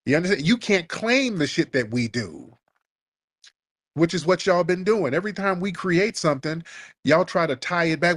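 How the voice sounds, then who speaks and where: A man's voice: on the high side, animated, normal speed, fairly bright tone, dry recording, studio quality. A man hosting a call-in show, ranting in a mocking, heated way at a caller. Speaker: host.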